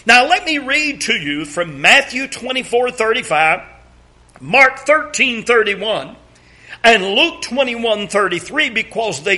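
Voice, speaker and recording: A man delivering a sermon in a high, bright voice. He speaks slowly and deliberately, reading scripture aloud and pressing the congregation with emphatic rhetorical questions. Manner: reads scripture aloud, asks congregation to read along. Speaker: preacher.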